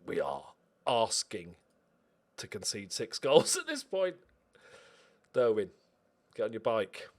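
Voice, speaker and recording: A man hosting a football management game playthrough, commentating in an excitable, sarcastic, self-mocking way. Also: fairly low pitch, slow, pauses often. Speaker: let's play host. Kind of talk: gaming commentary.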